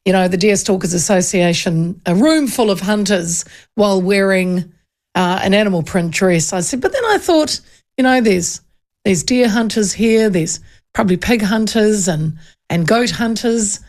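A woman's voice: mid-range voice, moderate pace, a little mellow. A middle-aged woman with a New Zealand accent, hosting a radio show and telling stories in casual chat, often laughing. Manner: chatty storyteller who laughs often.

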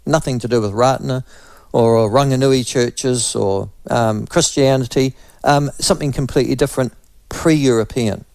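A man's voice: medium pitch, normal speed, gravelly, darkish tone, no echo. A man hosting talk radio, delivering a sardonic, rambling opinion monologue full of fillers and asides.

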